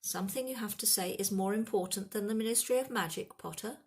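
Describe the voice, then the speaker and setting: A strict older schoolmistress snaps out her words in a clipped, stern voice, put on by a woman reader. She speaks a little higher than the reader's own low voice, in an audiobook reading. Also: a little fast, slightly rough.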